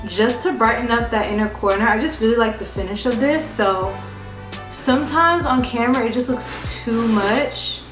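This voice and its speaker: A woman's voice: on the high side, moderate pace. A woman beauty vlogger talking through a casual makeup tutorial in a chatty, sing-song tutorial voice. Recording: echoey room, distant mic, music behind.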